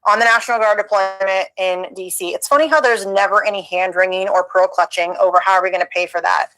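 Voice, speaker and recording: A woman's voice: medium pitch, steady tone, quick pace, a bit bright, poor audio. A woman from the United States co-hosting a talk show, reading news aloud and adding sarcastic asides. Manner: reads steadily, adds sarcastic asides. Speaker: podcast co-host.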